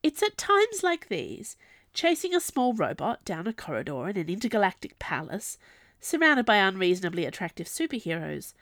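A woman with a fairly high voice narrates a scripted story as an audiobook reader, giving it an expressive, lively storytelling feel. The recording is studio quality with no room sound.

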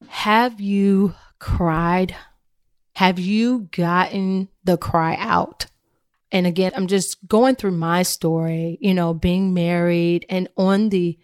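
Slow-spoken woman hosting a faith podcast. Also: lowish voice, no echo, studio quality. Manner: earnest, reflective, addresses listeners directly. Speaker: podcast host. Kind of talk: faith-based podcast talk.

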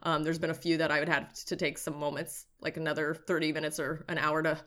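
A middle-aged woman with an unusually low, deep voice for a woman talks as a nutritionist guest. She is chatty and lively. She often acts out her own past thoughts. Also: fast. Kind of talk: casual conversation.

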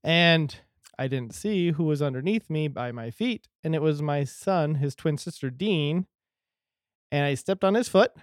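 Man in his thirties, podcast host, slightly high voice, dry close sound, giggly, rambling. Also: animated, unhurried, no echo. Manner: laughs often, rambling and self-correcting. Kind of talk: casual comedy chat.

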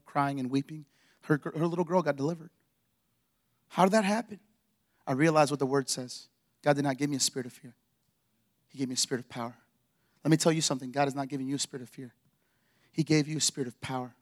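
A man's voice: mid-range voice, fast, pauses often. A man preaching a sermon in a church as pastor, telling stories with energy and acting out the dialogue.

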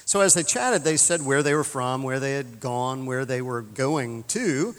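A man preaching a sermon as pastor, in a relaxed storytelling way with chuckling asides, in a church sanctuary. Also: medium pitch, measured pace. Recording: long church reverb.

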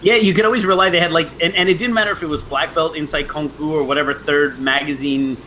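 Middle-aged male host, rambling storyteller, bright and a touch high. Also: steady tone, fast talker, slight background noise, low-quality recording. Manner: rambling, with frequent restarts and laughs. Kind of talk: casual storytelling chat.

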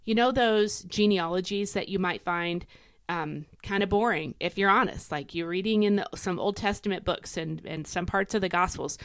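A woman hosting a devotional podcast, chatty and emphatic, swinging her pitch up and down to stress words. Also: moderate pace, no room sound, studio quality. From United States. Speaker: podcast host.

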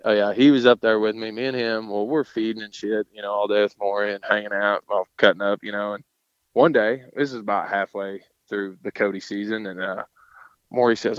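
Folksy low-voiced cowboy storyteller. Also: male voice, flat delivery, brisk, no echo. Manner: folksy, drawling, lots of fillers and mild cursing. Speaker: podcast guest, rodeo cowboy. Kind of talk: casual storytelling. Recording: dull lo-fi sound.

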